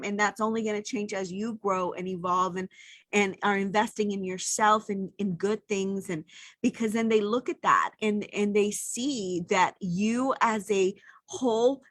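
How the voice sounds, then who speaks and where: A woman's voice: mid-range voice, a bit bright, no echo. A middle-aged woman co-hosting a casual chat, speaking in a heartfelt, reflective way. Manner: heartfelt and reflective, gets emotional. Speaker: podcast co-host.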